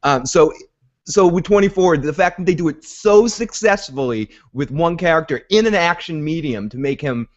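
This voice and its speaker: A man hosting a casual TV recap podcast, talking in an animated way, often laughing and mimicking characters. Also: fairly high pitch, normal speed, muffled recording. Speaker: podcast host.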